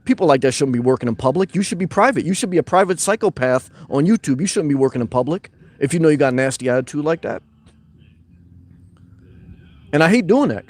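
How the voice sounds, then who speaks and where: A man hosting a casual livestream, reading viewer comments and telling a rambling story full of restarts and "okay?". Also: on the high side.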